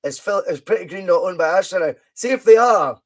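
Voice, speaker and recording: A man's voice: sits high, expressive, a little fast. A Scottish man hosting a casual live stream, bantering chattily and reading out viewer comments while he plays a football management game.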